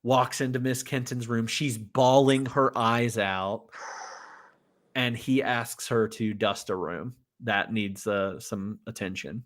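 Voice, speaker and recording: A man's voice: mid-range voice, slow pace. A man co-hosting a podcast, recapping a film in casual chat and acting out lines from its scenes. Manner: animated, acts out quotes from scenes. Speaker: podcast co-host. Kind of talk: casual movie discussion.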